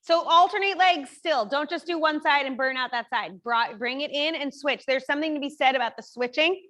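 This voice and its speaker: A woman's voice: sits high, brisk, fairly bright tone. A woman physical therapist leading a group exercise workshop in a fitness studio, giving chatty coaching cues. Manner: upbeat, chatty coaching cues with frequent "like" and "right?".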